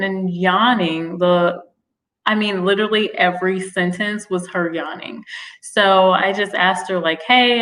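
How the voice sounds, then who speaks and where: A chatty woman talking casually on a live stream, laughing often and stopping to greet viewers. Her voice sits a little low for a woman. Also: fairly bright tone. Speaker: career vlogger discussing job interviews.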